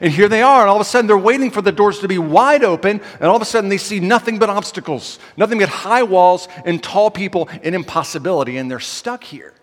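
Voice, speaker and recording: A man's voice: sits high, animated, fast, hardly any pauses. Preaching man in an echoing hall. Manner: dynamic, swings from loud to quiet. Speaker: pastor. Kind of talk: sermon.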